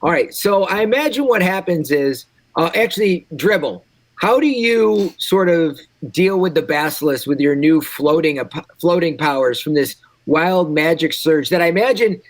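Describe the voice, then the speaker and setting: A man playing a tabletop game tosses out narration in a playful, jokey way. His voice sits high, and the recording is dry. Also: lively intonation, normal speed, no room sound. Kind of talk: casual chat and improvised narration.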